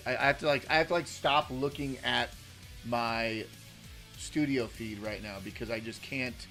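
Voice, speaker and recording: Medium in pitch, gravelly, and fairly bright, this political livestream host's voice carries a casual, rambling chat with his viewers. He leans on fillers and frequently restarts his thoughts.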